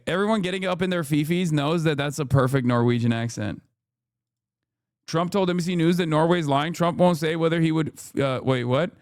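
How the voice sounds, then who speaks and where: A male streamer commenting casually on the news, animated and incredulous, talking in quick asides. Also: on the high side, smooth, no room sound, clean studio sound. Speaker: streamer and host.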